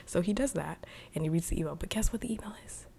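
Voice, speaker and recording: A woman's voice: on the low side, fast talker, vocal fry, dark tone, breathy edge. A young woman casually recapping a TV episode in a chatty, rambling way, full of "like.". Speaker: video reviewer.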